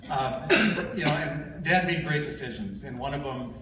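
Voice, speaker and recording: A middle-aged man giving a eulogy for his father at a funeral service, speaking haltingly with many filler pauses and gentle humor. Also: medium pitch. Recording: echoey hall from far off, background hiss.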